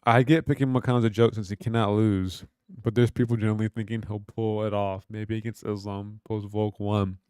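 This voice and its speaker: A young Kentucky man hosts a casual livestream, joking loosely, swearing a lot, and reading chat aloud. His lowish voice is flat, brisk, a little mellow, and smooth, with clean studio sound and no echo.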